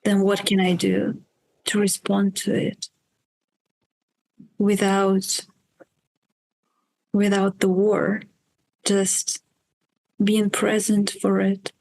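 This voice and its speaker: A woman guest speaking quietly and thoughtfully in a reflective conversation. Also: medium pitch, completely flat delivery, very slow, creaky, long pauses, low-quality recording.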